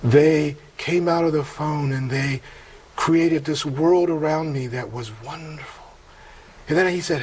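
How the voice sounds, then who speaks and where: A middle-aged man earnestly telling a personal spiritual testimony in an interview, halting and emotional, with many pauses and fillers. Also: fairly high pitch, darkish tone, a little hiss or hum, poor audio. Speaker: interview guest.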